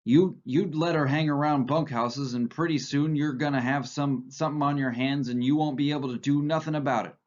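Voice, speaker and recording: A man's voice: fairly high pitch, steady tone, brisk, hardly any pauses, muffled recording, lightly acted. A man reading aloud, voicing a coarse ranch hand who taunts scornfully. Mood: taunting.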